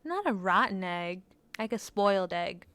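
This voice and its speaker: A woman's voice: medium pitch, animated, measured pace, fairly bright tone, no room sound. A young woman co-hosting a podcast, telling childhood stories in casual chat, laughing often and swearing casually. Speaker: podcast co-host.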